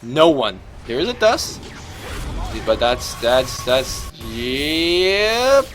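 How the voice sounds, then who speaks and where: A man's voice: mid-range voice, very animated, extremely slow, music in the background. A man casually commentating and coaching over a video game match, chatty and thinking aloud, often correcting himself.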